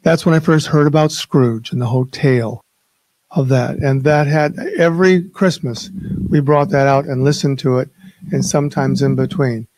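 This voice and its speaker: A man's voice: medium pitch, normal speed, darkish tone, no echo. An older man giving a reflective personal talk at a spiritual open mic, speaking hesitantly with restarts.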